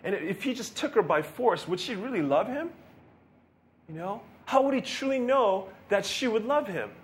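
A young man preaching a casual, conversational sermon, animated and often asking his listeners questions. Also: sits high, normal speed. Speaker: pastor.

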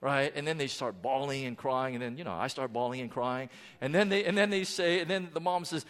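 A man preaching a sermon with animated emphasis, dramatic pauses and frequent restarts. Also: medium pitch. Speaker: pastor. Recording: long hall reverb.

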